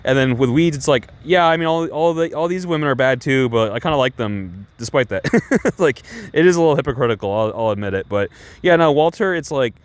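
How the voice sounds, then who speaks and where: A man's voice: medium pitch, animated, brisk, smooth, dry recording. A young man casually reviewing TV shows, chatty and rambling with many restarts. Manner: chatty, heavy use of "like" and restarts, laughing asides.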